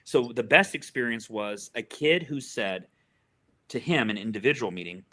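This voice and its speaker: A middle-aged man with a bright, forceful voice, speaking as a therapist guest in an interview. He tells an earnest story and repeats words as he gropes for the right phrasing. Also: lowish voice, moderate pace. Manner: earnest, repeats words while searching for them.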